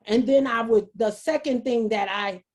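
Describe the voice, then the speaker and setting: A woman giving an earnest, halting personal testimony on a video call, often repeating her words. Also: fairly high pitch, a little mellow. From New York, USA. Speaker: guest speaker.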